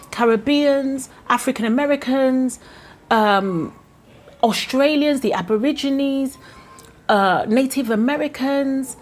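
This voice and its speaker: Fiery Ghanaian woman, high voice. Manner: indignant, fiery, rhetorical questions. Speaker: commentator. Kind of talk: impassioned commentary.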